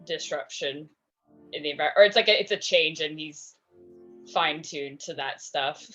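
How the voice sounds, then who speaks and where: A woman playing a tabletop game, speaking in a thoughtful, halting way. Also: deep voice, fairly bright tone, lo-fi sound, faint music behind. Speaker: player.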